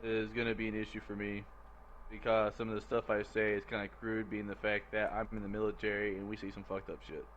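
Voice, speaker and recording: A blunt man in a casual voice chat who has been drinking, speaking haltingly with many restarts. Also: on the low side, flat delivery, fairly bright tone, muffled recording, slight background noise. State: slightly tipsy. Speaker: applicant to gaming community.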